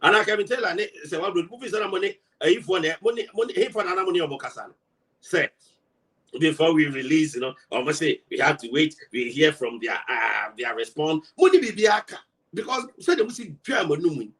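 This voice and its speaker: A man's voice: on the high side, animated, fairly quick, fairly bright tone, distant mic. A man with a Ghanaian accent, a political party member giving a heated rebuttal, emphatic and full of rhetorical questions as he switches between Twi and English.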